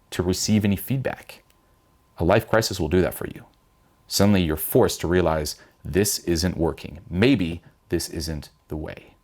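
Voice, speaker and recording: Blunt, profane man with a very low voice. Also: a little mellow. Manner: blunt and profane, mimics panicked voices in a higher pitch. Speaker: vlogger giving life advice. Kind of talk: direct-to-camera self-help talk.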